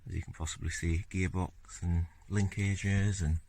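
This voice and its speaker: A man talking casually through his car-repair video diary on a handheld phone camera, relaxed and rambling with lots of fillers. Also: low-pitched, unhurried, slight background noise. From Scotland.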